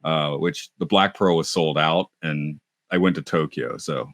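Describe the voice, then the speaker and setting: A man's voice: rumbling low, fairly even intonation, a little slow, fairly bright tone, dry recording, clean studio sound. A man co-hosting a podcast in casual chat, talkative, often laughing and restarting his sentences. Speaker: podcast co-host.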